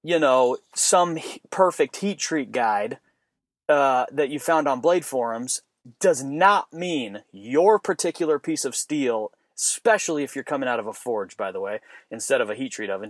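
A man's voice: medium pitch, expressive, measured pace, dry recording, clean studio sound. An American man, a knife maker on a podcast, ranting in a fired-up, profane way. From United States. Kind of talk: casual podcast chat.

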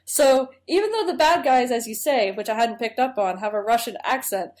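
A woman's voice: a little high, lively intonation, moderate pace, a little mellow. A woman co-hosts a podcast and recaps an episode in casual chat. She is enthusiastic and chatty and laughs often. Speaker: podcast co-host.

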